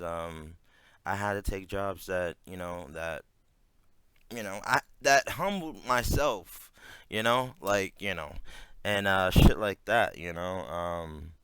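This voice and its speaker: A man doing casual reaction commentary, rambling with many fillers and swear words, breaking into sudden loud outbursts. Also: on the low side, clear, resonant tone, dry recording.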